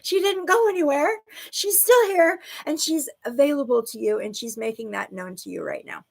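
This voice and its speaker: Bubbly, animated woman doing a psychic livestream. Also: a little high, moderate pace, vocal fry. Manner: bubbly, giggly, lots of "like" and "okay". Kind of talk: casual livestream reading.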